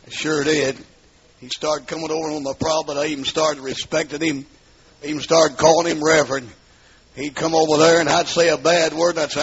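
A middle-aged man telling his testimony as a sermon, in an emphatic storytelling style that rises into shouts, on a dull lo-fi recording. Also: fairly high pitch, little pitch movement, brisk. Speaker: preacher giving testimony.

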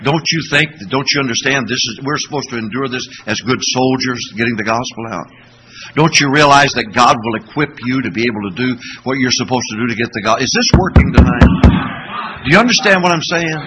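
A man's voice: mid-range voice, brisk, a bit bright, a little hiss or hum, rough recording. A man preaching a sermon in church, telling stories and asking the congregation rhetorical questions. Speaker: pastor.

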